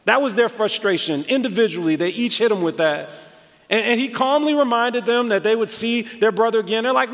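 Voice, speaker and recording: Male pastor, sermon delivery, lively and expressive, slightly high pitch, long church-hall reverb. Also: moderate pace. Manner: animated storytelling, acts out quotes, rising emphasis.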